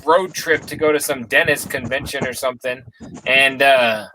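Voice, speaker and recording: A man's voice: mid-range voice, steady tone, normal speed, sharp tone, slight background noise, rough recording. A man co-hosting a podcast, chatting loosely and profanely with his friends. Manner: loose, profane, laughing banter. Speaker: podcast co-host. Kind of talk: casual chat.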